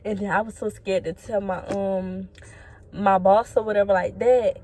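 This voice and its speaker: A woman's voice: medium pitch, moderate pace, a little hiss or hum. Blunt, profane young woman telling a story. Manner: blunt, profane, animated, talks straight to viewers. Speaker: storytime vlogger. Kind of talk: casual storytime.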